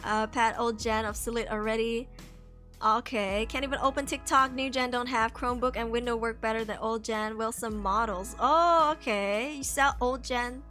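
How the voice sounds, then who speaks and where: Bright high-voiced Malaysian woman streamer. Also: moderate pace, faint music behind. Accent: Malaysian English. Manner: chatty, reads chat messages aloud and answers them. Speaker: live streamer. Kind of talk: casual live-stream chat.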